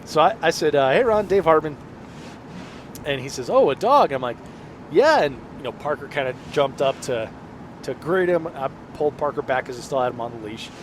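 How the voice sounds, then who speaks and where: A man's voice: mid-range voice, fast talker. A man co-hosting a podcast, telling a story in a casual, chatty way full of fillers, recorded inside a truck on the road. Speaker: podcast co-host. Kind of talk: casual chat. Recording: noisy car interior.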